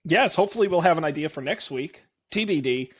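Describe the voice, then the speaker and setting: A man co-hosting a podcast in a loose, friendly chat. His voice sits a little high, and he sounds upbeat and jokey as he riffs with his co-host. The talk is enthusiastic and easygoing. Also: expressive, quick pace, slightly rough. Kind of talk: casual chat.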